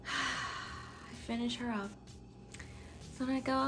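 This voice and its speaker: High, bright-voiced woman telling a story. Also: slow pace, long pauses. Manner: swears freely, animated retelling. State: tipsy. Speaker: vlogger. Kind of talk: casual storytime.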